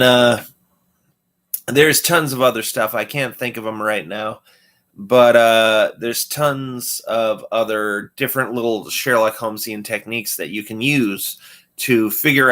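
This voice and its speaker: A man's voice: lowish voice, sharp tone. A man hosting a casual livestream, talking through a loose numbered list with many fillers and restarts. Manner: rambling, filler-heavy, loose list-by-list explaining. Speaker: livestream host.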